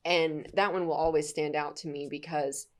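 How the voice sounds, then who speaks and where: A woman with a notably low voice hosts a casual podcast interview. She talks candidly and at length, and laughs easily between points. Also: steady tone, moderate pace. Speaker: podcast host.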